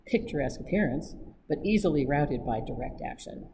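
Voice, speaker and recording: A woman reads a cheeky young Englishman who mocks every threat with light, teasing ease. The voice sits low for a woman. A clear hiss of noise runs under the recording. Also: expressive, fairly quick. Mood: mocking. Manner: flippant, teasing. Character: breezy, mocking young Englishman adventurer.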